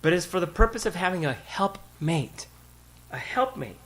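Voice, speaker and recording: A man's voice: high voice, lively intonation, moderate pace, a bit bright. A male pastor preaching a sermon, emphatic and conversational, repeating key words and putting questions to the congregation. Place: church.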